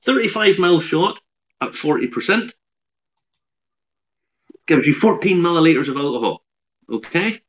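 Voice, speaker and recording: A man, a whiskey expert on a live online show, explaining in a measured way with dry humour. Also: a little high, sing-song.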